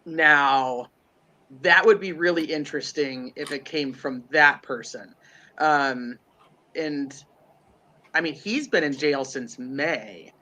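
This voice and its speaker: A man's voice: on the high side, slow, sharp tone. A congested man co-hosting a true crime livestream, rambling and thinking aloud with lots of fillers. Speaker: livestream co-host.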